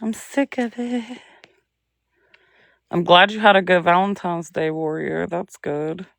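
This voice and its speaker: Slow-drawling woman chatting on a livestream. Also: fairly low pitch, steady tone, creaky, no echo. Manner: drawling, chatty, humming to herself between remarks. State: pregnant. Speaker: livestream host. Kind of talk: casual livestream chat with viewers.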